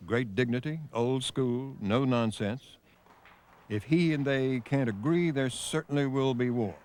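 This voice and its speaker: A man narrating a television news documentary in a measured, grave scripted delivery. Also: mid-range voice, darkish tone. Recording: faint noise on a VHS broadcast.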